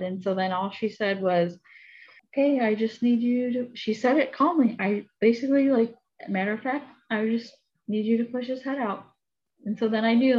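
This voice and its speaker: A young adult woman recounts a personal story in relaxed conversation, her pitch sitting in the middle range. She speaks in a chatty, animated way and pads her sentences with fillers. The audio sounds slightly dull and lo-fi. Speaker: podcast guest. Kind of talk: casual storytelling.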